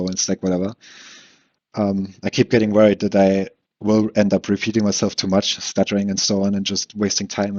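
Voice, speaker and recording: A young man rambles through a solo podcast with a fairly low voice. He talks loosely, full of fillers, restarts, swearing and laughs. The home mic sounds dull and lo-fi. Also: a little mellow. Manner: swears casually.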